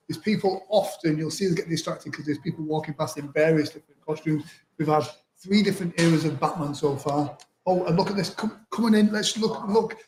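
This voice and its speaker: An upbeat man co-hosting a live stream, chatting while he works the stream controls. His voice sits a little higher than most men's and rings in a roomy space. Faint noise runs behind him. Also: a little mellow. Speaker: co-host running the live stream. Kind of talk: casual live chat. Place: indoors at a town event.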